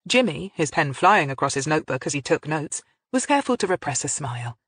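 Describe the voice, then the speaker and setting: Dry, measured audiobook narrator. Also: medium pitch, big pitch swings, a bit bright, husky, dry recording. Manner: measured storytelling.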